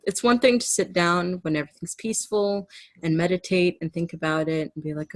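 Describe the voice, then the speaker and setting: Animated woman telling a story, dry sound. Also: fairly low pitch, a little fast, no room sound. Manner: animated storyteller, laughs often. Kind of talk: casual conversation.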